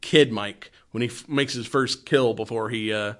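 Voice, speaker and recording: A man's voice: mid-range voice, normal speed, a bit bright. A man in casual chat, retelling a movie in a rambling way, laughing often and swearing freely.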